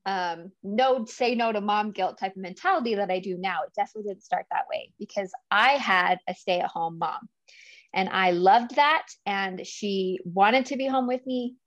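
An earnest woman talks openly as an interview guest, laughing easily and getting emotional. Her voice sits at a middle pitch. The recording is dry and a little dull, with no room sound. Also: moderate pace, no echo. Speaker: guest, business coach for mothers. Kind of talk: casual interview conversation.

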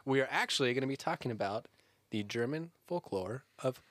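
A young man hosting a podcast in casual, joking chat, swinging between dramatic and flat delivery. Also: medium pitch, fairly quick, no echo, clean studio sound. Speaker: podcast host.

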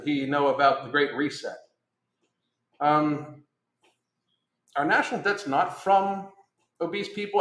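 A middle-aged man hosts a casual podcast livestream, reading the live chat aloud and rambling in a blunt, profane way. His voice sits fairly high with a fairly bright tone. The recording has a roomy echo.

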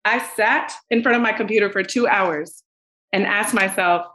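A woman guest on a podcast, telling her story in an expressive way and talking straight to the listeners. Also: medium pitch, moderate pace, rough recording. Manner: expressive, acts out quoted voices, addresses listeners directly. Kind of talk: animated storytelling.

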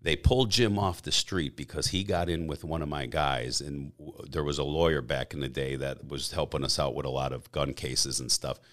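A middle-aged man telling stories as a podcast guest in a casual, rambling way, often clearing his throat. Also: very deep voice, steady tone, normal speed, few pauses, fairly bright tone. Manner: rambling, frequent throat clearing, acts out quoted dialogue. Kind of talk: casual storytelling.

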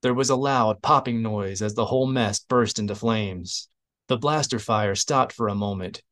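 A man narrating an audiobook in a steady, even reading voice. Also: lowish voice, moderate pace. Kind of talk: scripted narration.

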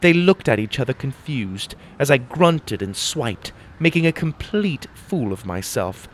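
A man reading a first-person adventure story aloud with a dramatic, expressive delivery. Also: mid-range voice, measured pace, slight background noise. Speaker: narrator.

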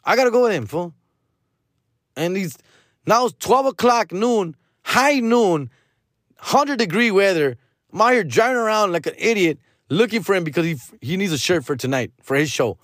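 The podcast host's voice sits high and moves at a moderate pace, captured in clean studio sound with no room noise. He animatedly rants about a friend in casual storytelling fashion, slipping in Spanish slang and performing the friend's nagging.

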